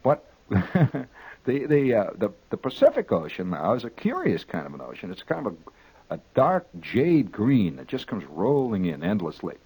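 Husky new guy rambling thru a funny story, voice jumps all over, keeps restarting. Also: lowish voice, low-quality recording. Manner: halting, full of restarts and repeats; animated, exaggerating storyteller. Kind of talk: rambling comic anecdote.

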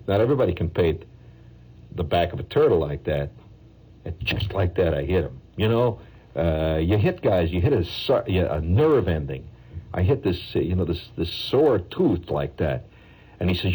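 Deep-voiced wry New storyteller man. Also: very animated, normal speed, dark tone, slightly rough, rough recording. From New York. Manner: wry, rambling, digressive, asides like "see?". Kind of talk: casual spoken storytelling.

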